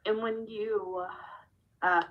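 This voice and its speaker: A woman's voice: medium pitch, drawn-out words, muffled recording. A woman in her thirties, a professional wrestler, giving a candid interview and telling her story animatedly, acting out the dialogue. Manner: animated, acts out dialogue with shifting tone.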